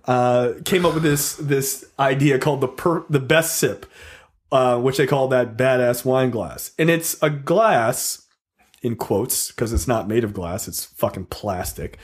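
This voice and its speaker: A man's voice: mid-range voice, unhurried. A man co-hosting a podcast in casual chat, telling stories with lots of swearing and acting out scenes. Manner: animated storytelling, swears freely, acts out scenes. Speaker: podcast co-host.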